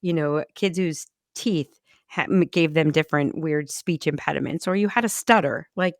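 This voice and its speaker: Chatty low-voiced woman, dry sound. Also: normal speed, no room sound. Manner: chatty, laughs often, trails off mid-sentence. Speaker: podcast co-host; former speech pathologist. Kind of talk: casual chat.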